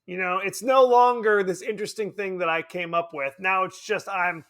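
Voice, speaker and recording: A man co-hosting a podcast, chatting casually about a film in an animated, joking, self-deprecating way. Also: high-pitched, normal speed. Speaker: podcast co-host. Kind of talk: casual film review chat.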